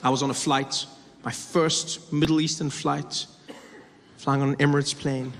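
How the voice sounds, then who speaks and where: A man with a high speaking voice tells a stand-up story to a live audience, chatty and self-deprecating. A handheld stage mic carries long reverb from the hall. Audience noise runs under his talk. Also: little pitch movement, measured pace, a bit bright. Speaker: stand-up comedian. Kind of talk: stand-up comedy routine.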